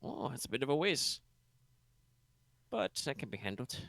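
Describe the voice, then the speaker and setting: A man's voice: mid-range voice, big pitch swings, normal speed, creaky, fairly bright tone, no echo, voice pushed up. A man voicing a laid-back, shirtless human boat captain in a vaguely Jamaican bayou accent, ending his lines with "man". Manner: easygoing, ends lines with "man".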